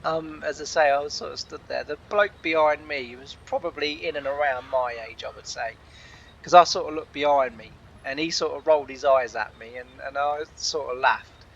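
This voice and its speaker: A man's voice: on the high side, moderate pace, creaky, muffled recording, slight background noise. A man hosting a gaming channel, chatting casually and rambling, laughing often. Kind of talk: casual chat over gameplay.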